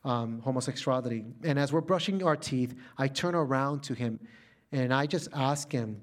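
A middle-aged man from Puerto Rico delivers a sermon built around a family story. His voice sits at an ordinary mid pitch, animated when telling stories and softening to near-hush in tender passages. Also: normal speed. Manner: animated storytelling, drops soft and quiet when emotional. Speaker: preacher.

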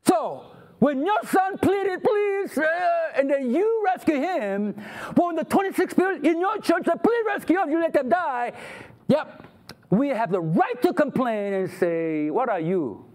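A man's voice: very high voice, big pitch swings, unhurried, darkish tone. A man preaching a sermon, acting out the voices of God and of people who complain to Him. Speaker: pastor.

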